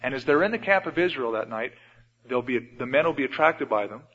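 A man preaching a sermon in a church, retelling Bible stories and often changing his loudness. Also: medium pitch, expressive, a little fast, husky. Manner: storytelling, acts out Bible scenes with shifts in loudness. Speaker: pastor. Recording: dull radio broadcast with long hall reverb.

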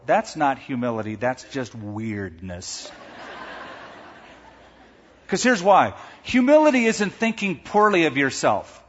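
A pastor preaching a sermon, animated, acting out the voices he quotes. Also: mid-range voice, moderate pace, big-room sound, highs cut off.

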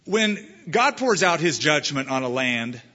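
A man's voice: fairly high pitch, sing-song, unhurried, bright, forceful tone. A man pastor preaching an emphatic verse-by-verse sermon, weaving in a story, on a dull lo-fi sermon recording. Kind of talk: expository sermon.

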